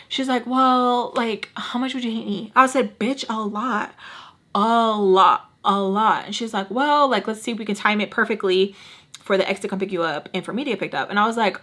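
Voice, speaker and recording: A young woman telling a casual storytime, chatty and animated, swearing freely and filling talk with "like". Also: fairly high pitch, fairly quick. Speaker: storytime vlogger.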